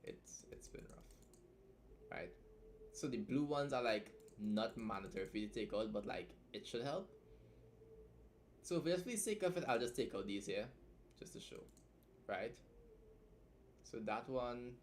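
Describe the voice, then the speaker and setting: A tired young man, worn out from a long stretch awake, streams a laid-back tutorial on editing your writing, chatty and loose, ending points with "right?". His mid-range voice is expressive at normal speed with frequent pauses. A little hiss or hum sits under the recording.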